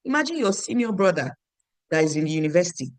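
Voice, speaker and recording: A woman's voice: lowish voice, sing-song, fast, dry recording. A woman, leading a motivational training for her team, emphatic and repetitive, quizzing her listeners.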